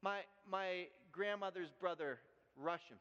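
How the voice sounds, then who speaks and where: A man's voice: high voice, measured pace, a bit bright, clear, resonant tone. A man from Canada preaching a sermon, telling a personal story in an earnest way and often repeating and restarting words. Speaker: pastor. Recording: echoey hall, dull lo-fi sound.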